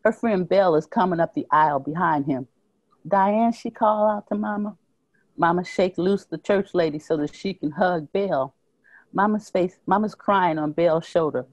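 Low-voiced woman reading her story. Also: a little mellow, dry recording, highs cut off. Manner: slow, measured reading. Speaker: author. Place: library author event.

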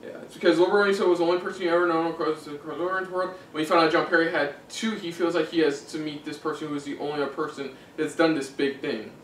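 A man's voice: a little high, steady tone, quick pace, hardly any pauses, fairly bright tone. A man co-hosting a reaction show, recapping an episode in a casual, hesitant way with many ums and restarts. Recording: echoey room, mic at a distance, faint noise.

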